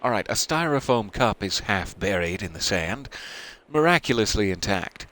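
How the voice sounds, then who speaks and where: A low-voiced man hosts a let's play of a narrative game, reading its text aloud in an expressive, up-and-down delivery. He breaks off now and then for dry, self-mocking remarks. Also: normal speed, rough recording.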